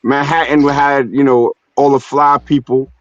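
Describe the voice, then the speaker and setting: A man's voice: medium pitch, level tone, a little slow, dry recording. A man from New York City hosting a casual streamed talk, telling stories in loose slang and often adding "you know what I'm saying.". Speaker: stream host. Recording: dull, dry streamed audio.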